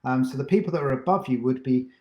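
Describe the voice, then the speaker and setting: A man's voice: medium pitch, fast, highs cut off. Chatty man in an echoey room. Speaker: dance teacher co-hosting a live Q&A. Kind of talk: casual live-stream chat.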